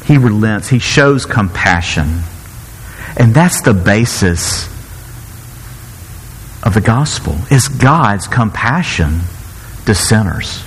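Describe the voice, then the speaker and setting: A pastor preaching a conversational sermon, acting out quotes and often chuckling. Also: male voice, on the low side, expressive, takes it slowly, long pauses, long reverb tail, a little hiss or hum.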